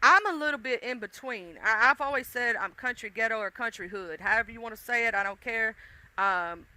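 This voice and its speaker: A woman with a mixed deep-South accent, rambling casually to her livestream chat, addressing viewers directly and swearing freely. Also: brisk, pushed and bright, rough recording. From Southern United States. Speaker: livestream host.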